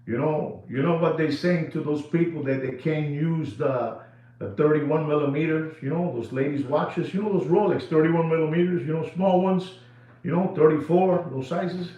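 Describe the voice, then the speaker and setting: A man dealing in watches, ranting excitedly to camera in casual talk, repeating himself and dropping into Spanish phrases. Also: on the high side, moderate pace. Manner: animated, repetitive, switches into Spanish phrases. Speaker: watch dealer. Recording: echoey room, dull lo-fi sound.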